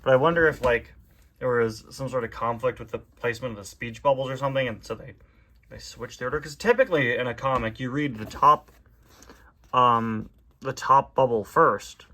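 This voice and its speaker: Brief: man, comic book-club host, chatty and self-deprecating, bright tone. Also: medium pitch, moderate pace. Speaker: toy and comic reviewer. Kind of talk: reading comics aloud with casual commentary.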